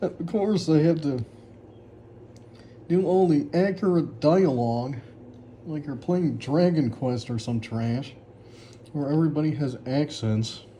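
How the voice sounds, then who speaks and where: A man looks back at a story he once wrote, teasing it sarcastically and laughing often in casual commentary. His voice is a little high and dark-toned, a little slow with frequent pauses, and the recording has a little hiss or hum.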